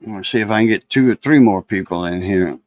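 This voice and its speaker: A man's voice: on the low side, fast, no echo, lo-fi sound. A man hosting a casual live stream, rambling loosely through stories and chat.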